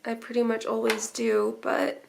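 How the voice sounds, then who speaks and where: A woman's voice: a little high, sing-song, measured pace, vocal fry, a little hiss or hum. A young woman vlogger chatting casually and emotionally as she decorates her planner, rambling and laughing often.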